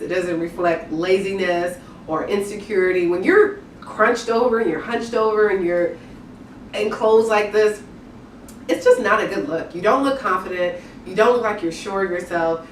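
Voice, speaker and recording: A woman's voice: mid-range voice, fairly bright tone, slight background noise. A young adult woman giving image tips to camera in an upbeat, candid, chatty way. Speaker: image consultant. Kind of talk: direct-to-camera tips video. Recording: echoey room, voice from a distance.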